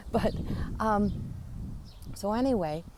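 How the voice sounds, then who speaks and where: A woman tells a personal story in a chatty, animated way, acting out what each person said. Her voice sits at a middle pitch. Faint outdoor sounds, with animals now and then, drift in behind her. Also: extremely slow, background noise. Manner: chatty, animated retelling with quoted dialogue. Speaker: psychic medium.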